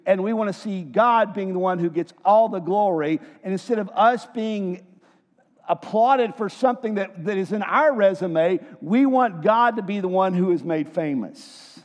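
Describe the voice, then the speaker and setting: A man preaching a sermon in a church hall, lively, asking his listeners questions and acting out quotes. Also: high-pitched, normal speed. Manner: lively, asks the room questions and acts out quotes. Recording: long hall reverb.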